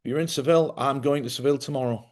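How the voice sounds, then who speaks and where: A man's voice: mid-range voice, fairly even intonation, very fast. A middle-aged man, hosting a casual livestream monologue, a chatty storyteller who laughs often and acts out other people's voices. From Ireland. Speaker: livestream host.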